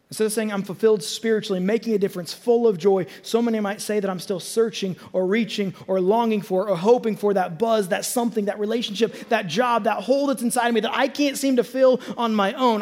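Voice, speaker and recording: A man with a very high voice preaches a lively sermon to his congregation. He fires rhetorical questions at the crowd and builds to emphatic peaks. His words ring out with a long reverb across the church hall. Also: brisk, few pauses. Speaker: pastor.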